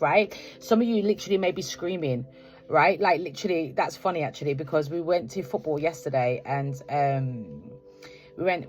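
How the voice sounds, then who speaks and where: Woman with a lowish voice, tarot reading for viewers, keeps tagging "okay? right?". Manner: tags nearly every phrase with "okay? right?"; addresses viewers as "collective". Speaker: tarot card reader. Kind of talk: spiritual tarot reading to camera.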